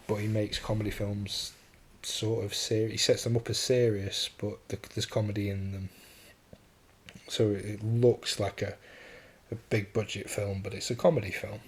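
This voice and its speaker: A man's voice: fairly low pitch, gravelly, darkish tone, breathy edge. A man hosting a solo podcast, talking casually and enthusiastically, chuckling often and restarting his sentences. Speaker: podcast host.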